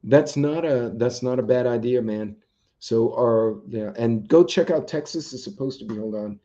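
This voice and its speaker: A livestream host with a dark, medium-pitched voice talks at a normal speed, chatting loosely with viewers and reading their comments. He rambles and says um a lot, over dull, lo-fi stream audio.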